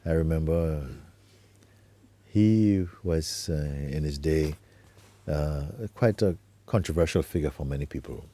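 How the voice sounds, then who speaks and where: A man acting as a spiritual teacher, talking gently and unhurriedly in an informal talk, often adding tag questions like "you see". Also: a bass voice, a little slow.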